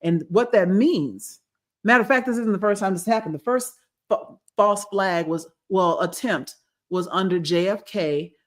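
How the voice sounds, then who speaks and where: A woman's voice: medium pitch, normal speed. A woman co-hosting a podcast, chatting casually about politics in a rambling way, often restarting her sentences. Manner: rambling, with restarts and quoted voices. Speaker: podcast co-host.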